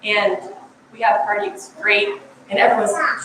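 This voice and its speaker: A woman's voice: medium pitch, a little fast. Chatty woman leading a church meeting. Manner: chatty, laughing, with fillers. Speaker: vestry head. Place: church hall. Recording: very echoey hall, distant mic, noisy.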